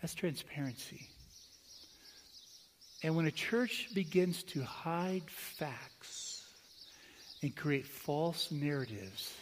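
Male pastor, fairly high voice, storytelling sermon, long hall echo. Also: animated, a little hiss or hum. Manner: conversational, anecdotal, swings between quick asides and slow emphatic phrases.

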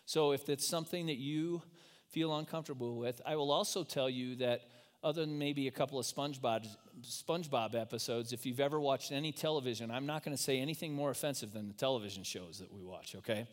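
A man's voice: mid-range voice, fairly quick. A man preaching a sermon in a casual, joking, conversational way to his congregation in church. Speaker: pastor.

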